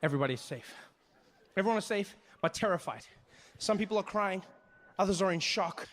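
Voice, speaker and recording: A man's voice: high-pitched, animated, brisk, fairly bright tone. A man doing stand-up, telling a story animatedly and acting out the scenes. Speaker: stand-up comedian.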